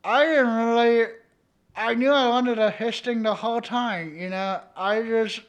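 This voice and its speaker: A man's voice: extremely high pitch, unhurried, dull audio, voice pushed up. A man voicing a cocky street bro who is now whiny and sheepish.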